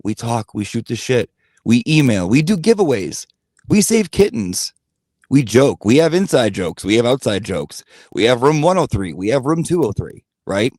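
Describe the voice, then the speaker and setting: A man's voice: medium pitch, sing-song, moderate pace, a little mellow, no echo. A man hosting his own commentary channel, ranting bluntly to his audience with plenty of swearing and repeated emphasis. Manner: blunt, profane, repetitive emphasis; talks directly to his audience.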